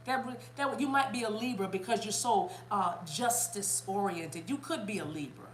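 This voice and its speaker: A chatty, animated woman from South Carolina, giving a casual spiritual reading to her viewers. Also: mid-range voice, normal speed, hardly any pauses, reverberant, slight background noise. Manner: animated, chatty, bursts into laughter and song. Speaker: spiritual reader.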